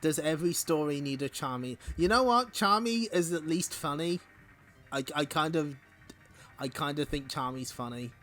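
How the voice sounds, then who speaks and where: A man's voice: fairly high pitch, normal speed, a bit bright, faint music behind. A man hosting a stream, giving wry, profane commentary while reading a comic aloud. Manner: wry, swears, laughs often. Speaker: streamer host. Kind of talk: casual comic read-along commentary.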